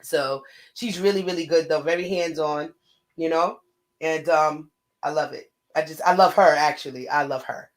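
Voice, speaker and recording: A woman co-hosting a casual live-stream chat with a New York accent, talkative and playful with shout-outs. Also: low-pitched, moderate pace, low-quality recording. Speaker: co-host.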